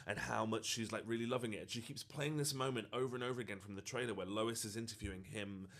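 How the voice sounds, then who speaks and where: A man's voice: on the low side, fairly even intonation, fast talker, fairly bright tone. A man, a social media creator, telling a personal story in an earnest, reflective way. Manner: earnest and reflective, with frequent fillers. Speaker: TikTok creator.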